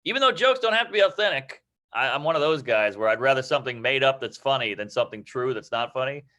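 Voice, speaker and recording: A man coaching comedy, riffing loosely on joke ideas and acting out quick bits of dialogue. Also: mid-range voice, animated, pushed and bright, dull audio. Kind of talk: casual joke workshopping.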